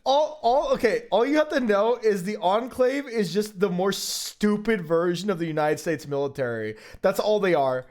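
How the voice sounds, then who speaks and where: A male streamer in casual livestream chat, rambling and profane as he gets excited. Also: high-pitched, moderate pace, hardly any pauses.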